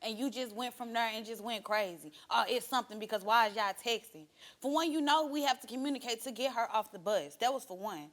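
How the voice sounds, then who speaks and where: A woman's voice: a little high, brisk, few pauses. A young woman appearing as a talk show guest, a reserved speaker defending herself to her friend. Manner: quiet and reserved, then raising her voice. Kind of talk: emotional talk show confrontation.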